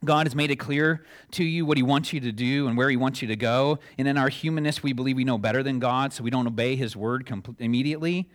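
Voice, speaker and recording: A man's voice: medium pitch, fast talker, hardly any pauses. A middle-aged male pastor giving a conversational sermon, acting out little dialogues and chuckling at his own asides.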